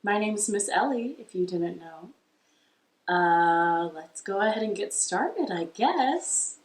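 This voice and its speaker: A woman's voice: mid-range voice, animated, slow. A young woman with an American accent leading a children's storytime from her living room, playful and self-deprecating as she sings and strums along on a ukulele. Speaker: children's librarian. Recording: echoey home room with ukulele.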